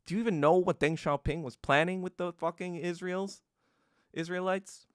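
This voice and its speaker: A man's voice: high voice, steady tone, moderate pace, smooth, no echo, studio quality. A man hosting a podcast, telling history in a loose, casual monologue full of swearing and acted-out quotes. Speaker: podcast host.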